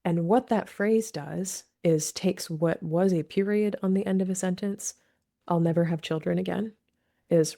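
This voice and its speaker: A woman's voice: fairly low pitch, measured pace, vocal fry, warm tone. A woman who works with grieving people, talking earnestly in an interview and explaining her ideas through quoted examples. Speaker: grief expert and author, guest. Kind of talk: conversational interview.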